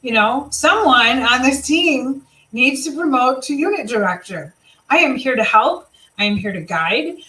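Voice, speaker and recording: A middle-aged woman with a slightly high voice leads her sales team through a relaxed live chat. She rambles a bit, restarting sentences and dropping in fillers as she encourages everyone. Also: a little slow, rough recording. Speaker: team leader.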